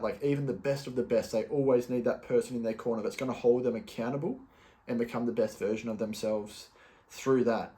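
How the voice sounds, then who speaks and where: Guy, young, solo podcast host, relaxed ramble full of ums and restarts. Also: mid-range voice. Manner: loose and chatty, many fillers and restarts. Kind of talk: casual solo podcast talk.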